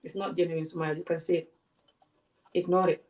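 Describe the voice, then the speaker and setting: A female vlogger rants heatedly to her camera, passionate and confrontational, peppering viewers with rhetorical questions. Her voice is fairly low with little pitch movement, a fairly quick pace, and a darkish tone.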